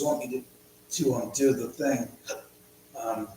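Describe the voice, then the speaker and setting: A man's voice: mid-range voice, steady tone, measured pace, warm tone, heavy reverb, a little hiss or hum, rough recording. A man hosting a casual live stream from his home, rambling, muttering to himself and swearing often. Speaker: livestream host.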